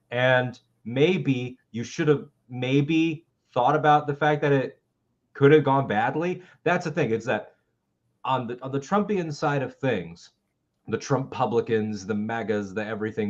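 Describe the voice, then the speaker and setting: A man's voice: fairly low pitch, dull audio. A man in his twenties co-hosting a live political talk show, ranting with heated, profane passion. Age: 20s. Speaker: co-host.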